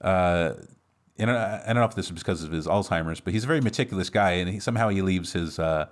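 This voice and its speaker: A man co-hosting a podcast, casually retelling a film's plot with lots of fillers and quick acted-out lines. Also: deep voice. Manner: rambling recap with many fillers and laughs. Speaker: podcast co-host. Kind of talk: casual movie recap chat.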